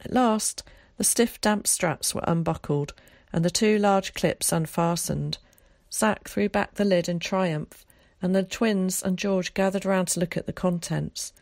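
A woman narrating a children's storybook aloud in a calm, even manner. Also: lowish voice, a little slow, creaky, no echo, clean studio sound. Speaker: audiobook narrator.

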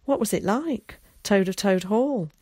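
A woman's voice: mid-range voice, animated, unhurried, warm tone, breathy edge, no echo, voice pushed up. Woman voicing a shy, hesitant country boy with rural speech, dry close read. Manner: hesitant, plain rural dialect.

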